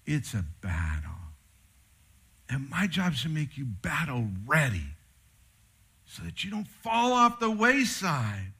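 A man's voice: fairly high pitch, big pitch swings, measured pace, husky. Emphatic man preaching a sermon. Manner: emphatic preaching, shifting between loud exhortation and quiet asides. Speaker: pastor.

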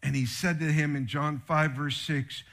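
Animated storytelling preacher, a man. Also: on the high side, normal speed. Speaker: pastor. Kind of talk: sermon with slides.

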